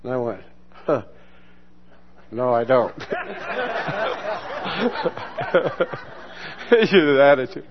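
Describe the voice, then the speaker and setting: Male pastor, sermon testimony, slightly high voice, acts out quotes, laughs often, muffled lo-fi sound. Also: sing-song, extremely slow, pauses often, over a noisy crowd.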